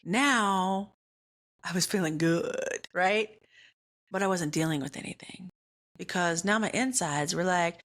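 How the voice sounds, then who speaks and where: A woman's voice: lowish voice, fairly bright tone. A woman hosting a faith-based comedy podcast, telling a self-deprecating personal story and laughing at herself. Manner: acts out other people's lines in quick put-on voices. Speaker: podcast host.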